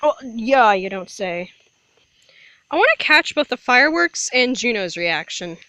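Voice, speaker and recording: Woman vlogging fireworks out back, bright voice, dry close sound, lively. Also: a little high, unhurried, no room sound. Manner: narrates to camera, talks to baby. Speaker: vlogger filming. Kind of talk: casual vlog narration. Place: backyard at night, outdoors.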